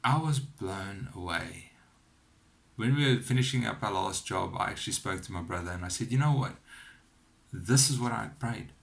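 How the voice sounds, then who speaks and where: A man with a fairly low voice shares a personal testimony at home, speaking into a camera on a shaky holder. His delivery is earnest and encouraging, with lively storytelling. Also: normal speed, gravelly. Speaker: Christian vlogger sharing testimony. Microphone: camera on a cheap wobbly phone holder.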